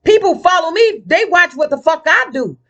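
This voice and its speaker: A woman vlogger delivering a casual, ranting monologue. Her voice is bright and tense, and she talks in a blunt, profane, combative way. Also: very high voice, lively intonation, normal speed.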